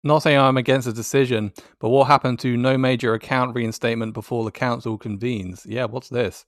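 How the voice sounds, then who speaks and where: A man's voice: mid-range voice, steady tone, fairly quick, a bit bright, dry recording, clean studio sound. A man giving casual, sardonic commentary on tweets, swearing and laughing as he goes. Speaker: YouTuber.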